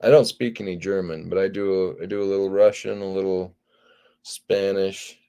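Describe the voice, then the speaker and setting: A man hosting a casual livestream, chatting and reading viewer comments aloud in a relaxed, drawling way. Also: low-pitched, moderate pace, clean tone. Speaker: livestream host.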